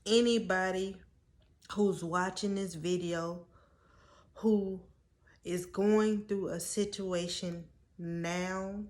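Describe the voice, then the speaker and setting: A young woman speaks slowly and deliberately in a storytime vlog, her voice sitting a little low. She sounds earnest and close to tears, pleading with her viewers. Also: steady tone, darkish tone. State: holding back tears. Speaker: vlogger.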